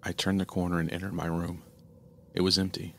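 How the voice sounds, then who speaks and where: Deep, gravelly man narrating a horror story. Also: completely flat delivery, a little fast, fairly bright tone, slight background noise.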